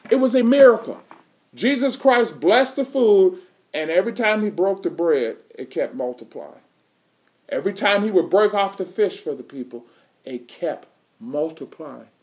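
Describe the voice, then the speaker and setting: A male preacher delivering a sermon, reading scripture aloud and quizzing his congregation with fill-in questions in an emphatic way. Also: high-pitched. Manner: reads scripture aloud in King James wording.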